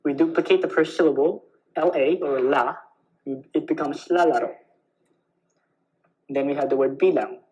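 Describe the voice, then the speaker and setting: A man's voice: a little high, moderate pace, pauses often, dark tone, dull audio. A young man giving an online language lesson, patient and repetitive, checking in with "right?" as he explains. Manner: patient, repeats key words with "right?". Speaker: language teacher.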